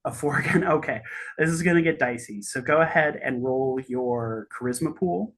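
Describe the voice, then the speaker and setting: Husky-voiced game master narrating a tabletop game, stop-start delivery. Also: medium pitch. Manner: halting, full of restarts and fillers.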